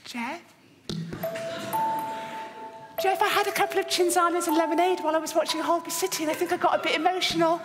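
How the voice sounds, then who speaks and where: A lonely, awkward woman chasing an online date, her voice very high and her eager, rambling talk coming in fits and starts. The line rings through a theatre stage with a long reverb. Music plays clearly behind her. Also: flat delivery, rapid-fire. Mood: sheepish. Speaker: stage performer. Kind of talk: dance theatre monologue. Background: music score.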